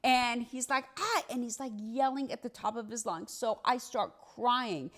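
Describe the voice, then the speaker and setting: A woman, a trial lawyer, telling a personal story in a casual, conversational monologue. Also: moderate pace. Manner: animated, acts out dialogue with big pitch swings; conversational, many fillers like "like" and "right".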